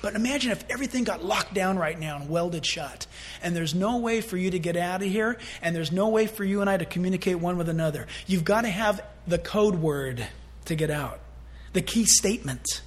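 A man preaching a sermon in church, animated and acting out little scenes in voices. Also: high-pitched, fairly quick, a little hiss or hum. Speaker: pastor.

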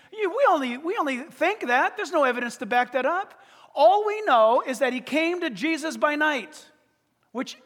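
A pastor preaching a sermon in an emphatic way, with rhetorical questions and numbered points. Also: male voice, very high voice, fairly bright tone. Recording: long reverb of a large hall.

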